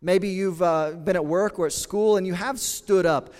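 A pastor preaching a sermon in an earnest, conversational way, with dramatic pauses. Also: male voice, sits high, darkish tone, long reverb tail.

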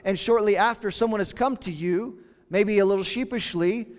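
A pastor preaching a sermon in an earnest, conversational way, with dramatic pauses. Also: male voice, sits high, in a large hall.

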